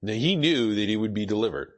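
A man's voice: lowish voice, expressive, fast talker. A male pastor preaching a conversational sermon, often restarting phrases and adding casual asides.

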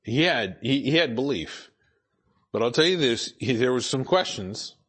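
A man delivers a sermon in a conversational, preacherly style. He drifts into asides and restarts his phrases as he goes. His voice sits at an ordinary middle pitch for a man. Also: lively intonation, normal speed, fairly bright tone, breathy edge. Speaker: pastor.

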